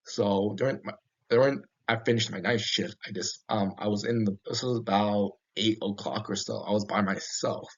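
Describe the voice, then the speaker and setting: A man narrates first-person horror tales with a husky, slightly low voice. He talks haltingly, backing up and restarting his sentences. The recording sounds dull and lo-fi. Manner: halting, with frequent restarts and fillers.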